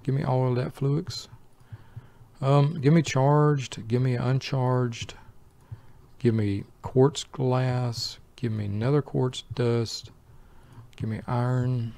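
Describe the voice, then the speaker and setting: An older man giving easygoing, slow gameplay commentary meant to help people fall asleep, muttering to himself and bantering with an imagined buddy. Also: mid-range voice, creaky, warm tone, no echo. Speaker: let's play host.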